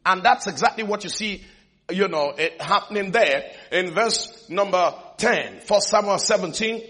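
A man's voice: high-pitched, unhurried, sharp tone, breathy edge. A male pastor preaching an emphatic sermon, calling for amens from the congregation. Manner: emphatic call-and-response preaching.

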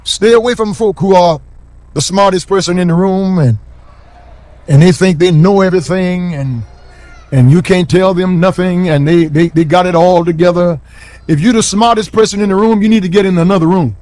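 A middle-aged man preaching a sermon in a church, repeating lines and building to shouts. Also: sits high, moderate pace, no room sound. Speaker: pastor. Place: church sanctuary.

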